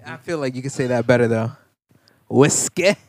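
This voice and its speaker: A man co-hosting a podcast, joking in a loose, slow drawl. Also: medium pitch, a little mellow, dry recording. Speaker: podcast co-host. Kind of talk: casual chat.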